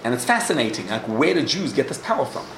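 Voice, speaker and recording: A man's voice: mid-range voice, big pitch swings, fast talker, reverberant, noisy background. A man giving a sermon, telling a story and asking questions, with Hebrew terms mixed in. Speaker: rabbi.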